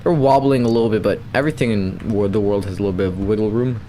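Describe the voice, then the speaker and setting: A young man giving rambling, playful gameplay commentary, with bursts of excitement when things go his way. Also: on the low side, fast, a little hiss or hum. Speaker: gamer.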